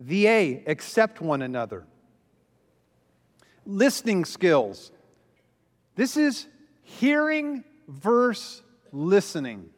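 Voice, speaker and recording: A man's voice: high voice, very animated, slow pace, long pauses, big-room sound. A man speaking as a pastor, telling a story with self-deprecating humor and many fillers. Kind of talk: humorous teaching talk.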